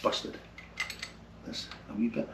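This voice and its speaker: A man working on an old car engine and talking to himself, muttering quietly, with bursts of excitement. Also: takes it slowly. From Scotland. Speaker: car restorer. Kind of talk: casual workshop commentary. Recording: roomy, distant, noisy workshop sound.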